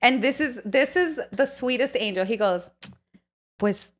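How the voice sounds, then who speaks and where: A woman's voice: a little high, lively intonation, normal speed. A young woman co-hosting a podcast, telling a story in casual chat, swearing freely and dropping into Spanish phrases. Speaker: podcast co-host.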